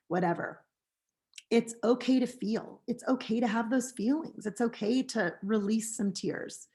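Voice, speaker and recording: American woman, fairly high voice, gentle earnest webinar talk, reads example phrases aloud. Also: moderate pace. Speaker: teacher educator presenting a webinar. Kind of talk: recorded webinar lecture.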